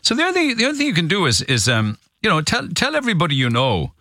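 A man hosting a phone-in radio show, sympathetic and halting, often restarting his sentences. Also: high-pitched, huge pitch swings, sharp tone, dry recording, clean studio sound. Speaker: radio talk show host.

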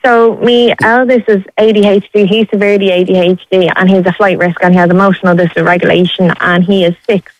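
A young Irish woman on a phone line to a radio show, talking in an earnest, pleading way that keeps restarting. Her voice sits at a middling pitch and sounds dry and close, with no room around it. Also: flat delivery, fairly quick, no echo. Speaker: caller.

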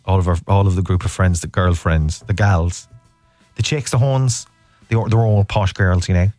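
A man in his thirties with an Irish accent, hosting a radio show and telling animated stories with frequent laughs. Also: low-pitched, normal speed, no room sound, soft background music. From Ireland. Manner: animated storyteller, laughs often. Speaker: radio host. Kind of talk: casual radio chat.

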